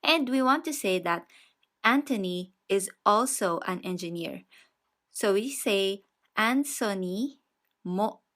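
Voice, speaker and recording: A woman teaches a beginners' language lesson at an unhurried, deliberate pace. Her voice sits at a middle pitch, and she repeats each example patiently. She explains every step clearly before moving on. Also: lively intonation, a bit bright. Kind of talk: slow, step-by-step grammar lesson.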